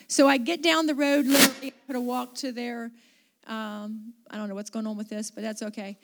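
A woman's voice: on the high side, flat delivery, brisk, a little hiss or hum. A middle-aged woman pastor telling a story in a conversational sermon, with restarts and asides.

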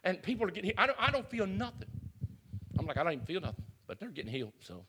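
A middle-aged man preaching a personal, emotional sermon as pastor, talking openly to his congregation. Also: fairly high pitch. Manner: confessional, emotional, building to loud preaching.

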